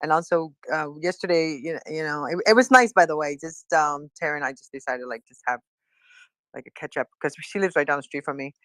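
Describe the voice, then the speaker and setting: A woman hosts a casual online chat, friendly and loosely rambling. Her voice is low for a woman. The sound is dry and close. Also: fairly quick, a bit bright, no room sound. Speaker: host.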